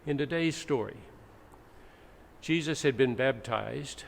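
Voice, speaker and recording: A man with a creaky, mid-range voice preaches at a slow pace. As pastor in a church sanctuary, he explains in a teacherly way and offers dramatic readings, heard through echo and faint background noise.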